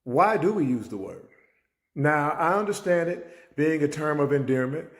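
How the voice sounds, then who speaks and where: A man's voice: on the high side, lively intonation, moderate pace, reverberant. A man who is a teacher and mentor, telling a story as a life lesson and acting out the dialogue. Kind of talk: spoken life-lesson talk.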